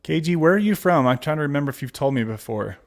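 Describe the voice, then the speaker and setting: A man's voice: a little high, expressive, quick pace. A man hosting a casual livestream, reading viewer comments aloud and answering them with fillers and laughs. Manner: chatty with frequent fillers and laughs. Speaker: livestream host.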